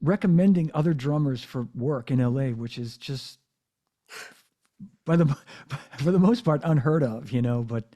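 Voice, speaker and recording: A man hosting a casual interview from his home drum room, with a mellow, darker tone. He talks in rambling, anecdotal runs, full of "you know" and restarts, at a middling pitch. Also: normal speed, muffled recording. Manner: rambling storyteller, many fillers and restarts. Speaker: podcast host.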